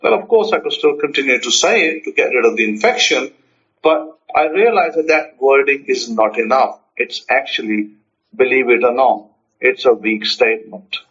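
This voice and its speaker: A man's voice: mid-range voice, expressive, moderate pace, fairly bright tone, highs cut off. A man teaching, who acts out short dialogues and repeats his points for emphasis. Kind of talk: spoken self-help teaching.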